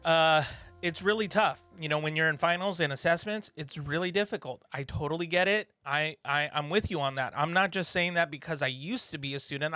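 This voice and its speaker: A man hosts a study livestream, reading out viewer comments in a loose, rambling chat full of fillers. His voice is bright and a little high. Soft music plays underneath. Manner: warm, rambling, encouraging, with frequent fillers. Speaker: livestream host.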